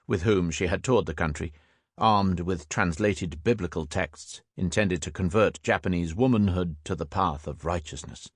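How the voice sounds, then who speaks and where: Deep-voiced male audiobook narrator. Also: no echo, clean studio sound. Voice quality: measured, even storytelling.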